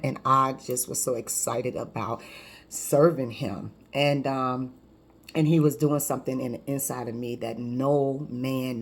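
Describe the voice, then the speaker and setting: A woman in her fifties, a life coach, telling her personal testimony in a lively, conversational way with frequent restarts. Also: very deep voice, husky.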